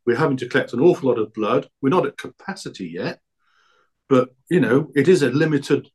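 A man's voice: mid-range voice, expressive, brisk, a little mellow, husky. Chatty man, enthusiastic food producer guest. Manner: enthusiastic, chatty about his own produce. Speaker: guest, black pudding producer. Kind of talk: casual podcast interview.

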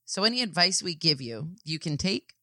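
Lower-voiced woman podcast co-host. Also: sing-song, moderate pace, pushed and bright, no room sound, clean studio sound. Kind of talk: casual chat.

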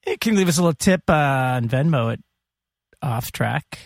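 A man's voice: mid-range voice, animated, moderate pace, vocal fry, dry recording, clean studio sound. A man co-hosting a podcast in casual chat, laughing often and making fun of himself. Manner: laughing, self-mocking. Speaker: podcast co-host.

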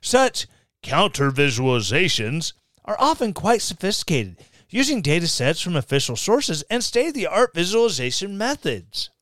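A man's voice: high-pitched, sing-song, moderate pace, fairly bright tone, no room sound. A man hosting a podcast, reading a news article aloud and breaking in with sarcastic, mocking asides. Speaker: podcast host. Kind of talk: casual commentary.

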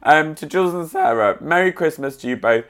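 A woman's voice: low voice, animated, brisk, crowd noise. A woman co-hosting a podcast in casual chat, dry and teasing, with lots of chatty fillers. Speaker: podcast co-host.

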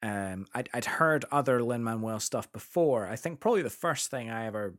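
Young english guy on a podcast, chatty and excited, keeps restarting sentences. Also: medium pitch, normal speed. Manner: enthusiastic, chatty, self-interrupting. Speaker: podcast co-host. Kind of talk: casual chat about a musical.

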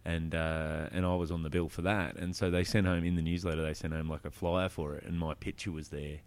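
Aussie male comic, really low voice, easygoing yarn-telling. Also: brisk, no echo. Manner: relaxed anecdotal storytelling. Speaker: comedian. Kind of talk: casual chat.

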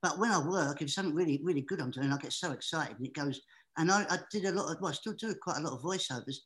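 Squeaky-voiced excitable man. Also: fast talker, rough recording. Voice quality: high, squeaky distinctive voice. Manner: excitable, animated storyteller. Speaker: guest entertainer. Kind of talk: anecdotal storytelling.

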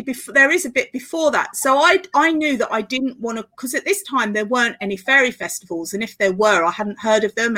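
A middle-aged woman, a guest on a podcast interview, telling her story in a flowing, earnest way with quick laughs. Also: on the high side, sharp tone. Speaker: guest, author and festival organiser.

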